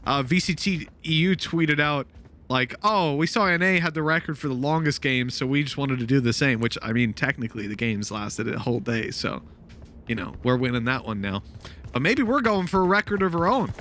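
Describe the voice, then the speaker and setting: A man's voice: medium pitch, fairly quick, fairly bright tone, a little hiss or hum. A man casting an esports match, calling the action with joking, self-mocking banter. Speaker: esports caster. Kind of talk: play-by-play commentary.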